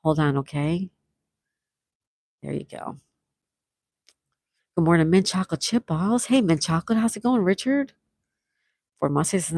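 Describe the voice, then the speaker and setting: A woman's voice: low voice, animated, unhurried, vocal fry, long pauses, a little mellow, dry recording, clean studio sound. A woman hosting a casual livestream, chatting and reading out viewer comments, laughing often. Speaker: livestream host.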